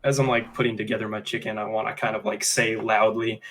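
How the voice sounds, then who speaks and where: A man's voice: fairly low pitch, little pitch movement, fast, fairly bright tone. A man playing a tabletop game, chatting casually with a rambling, filler-heavy way of talking. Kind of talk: casual chat.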